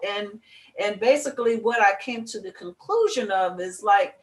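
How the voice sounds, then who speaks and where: A woman's voice: medium pitch, normal speed, roomy sound, poor audio. A woman co-hosting a casual talk show, musing with emphatic, spiritual reflection. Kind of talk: casual chat.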